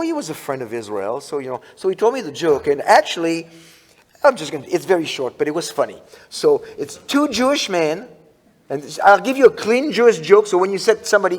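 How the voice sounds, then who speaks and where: A man gives a conference talk at a church, chatty and full of restarts, moving from jokes to stories. His voice sits a bit high for a man. The sound carries a long reverb from the hall. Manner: conversational, many restarts and fillers, animated jokes. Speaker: conference speaker.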